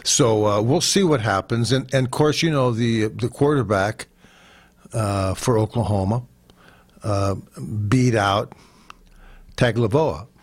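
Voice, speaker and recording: A man's voice: on the low side, measured pace, dry recording. A man co-hosting a sports talk radio show, a former football player speaking bluntly and jokingly, often repeating himself.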